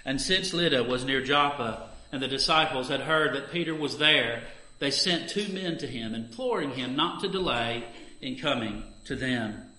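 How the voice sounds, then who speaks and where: Man, scripture reading, emphatic delivery, bright forceful tone, echoey room. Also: moderate pace. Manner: emphatic reading that lifts in pitch and volume for the scripture. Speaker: scripture reader at a church service.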